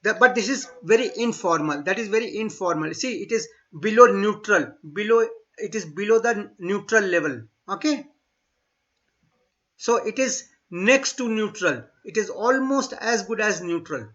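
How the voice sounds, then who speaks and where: A man teaching a German class online, speaking slowly and repeating words for students to echo. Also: high-pitched, animated, a bit bright. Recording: dull lo-fi online class audio.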